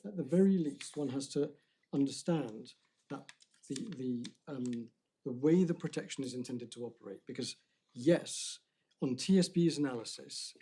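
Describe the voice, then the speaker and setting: A man arguing an appeal before judges in a courtroom, speaking formally, measured and deliberate, often restarting his phrases. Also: medium pitch, dark tone, slight background noise.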